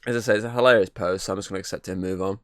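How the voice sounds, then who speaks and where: A man hosting a casual podcast, rattling through a rambling story at speed. His voice sits a little low and sounds close and dry, with no room around it. He swears freely and leans on "obviously" as he goes. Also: steady tone, very fast, dry recording. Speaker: podcast host. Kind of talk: casual chat, anecdote.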